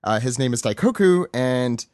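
A man hosting a podcast, casually talking through a comic chapter and slipping into voices for the characters. His pitch moves a lot as he talks. The sound is dry and close. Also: animated, normal speed, darkish tone, dry recording. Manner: rambling, acts out quoted lines with voices. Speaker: podcast host.

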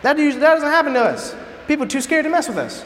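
A man voicing shocked, arrogant rulers in a raised, indignant rapid manner, recorded in an echoey hall. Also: extremely high pitch, big pitch swings, fairly bright tone, voice pushed up, full character voice. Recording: echoey hall, faint background noise.

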